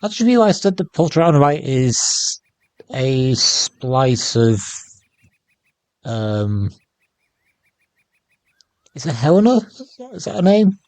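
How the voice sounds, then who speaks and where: A man with a croaky voice casually commenting on a game, halting and rambling with many pauses. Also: mid-range voice, big pitch swings, darkish tone, no echo. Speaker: let's play host.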